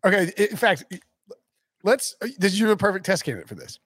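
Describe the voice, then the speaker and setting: A man in his thirties co-hosting a casual sports podcast, animated and ranting, mimicking the people he quotes. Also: high-pitched, fairly quick, slightly rough, no echo. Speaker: podcast co-host.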